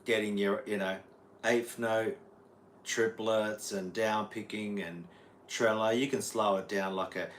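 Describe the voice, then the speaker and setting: A middle-aged Australian guitar teacher with a lowish voice chats casually on a livestream, rambling and drifting between thoughts while answering viewers' chat. His tone stays steady and his pace measured. Faint noise runs beneath the recording.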